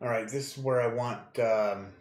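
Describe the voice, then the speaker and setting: A man's voice: medium pitch, steady tone, normal speed, darkish tone, roomy sound. A man casually commenting on a video game he plays, joking crudely, laughing often and reading game text aloud. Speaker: gaming streamer. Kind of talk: casual let's-play commentary.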